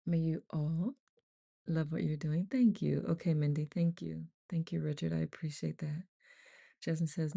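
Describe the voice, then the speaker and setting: Gravelly woman leading a chatty group session. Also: sits low, fairly even intonation, a little slow, warm tone. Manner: chatty, laughs often, rambling restarts. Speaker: meditation group leader. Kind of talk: casual live online group session. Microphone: on camera, computer mic.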